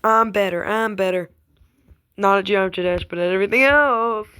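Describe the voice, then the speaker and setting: A woman's voice: medium pitch, normal speed, sharp tone, clean tone. A young woman gaming YouTuber in casual chat to camera, rambling, giggling and teasing a friend as her thoughts trail off.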